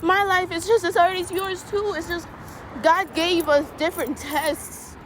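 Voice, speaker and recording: A woman's voice: very high-pitched, steady tone, unhurried, slight background noise, rough recording. A young woman from Latin America in a frank, heated personal vlog, swearing often and close to tears. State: near tears. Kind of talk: emotional personal vlog rant.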